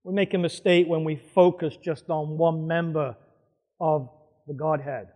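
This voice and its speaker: Male pastor, emphatic sermon delivery, quizzes the congregation, fairly high voice. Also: fairly even intonation, measured pace, long reverb tail, lo-fi sound. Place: church hall before a congregation.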